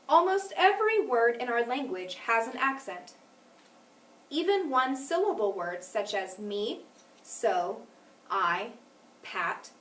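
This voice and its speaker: A woman teaching a phonics lesson, speaking clearly and deliberately and stressing each example word. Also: on the high side, fairly bright tone. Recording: echoey room, mic at a distance.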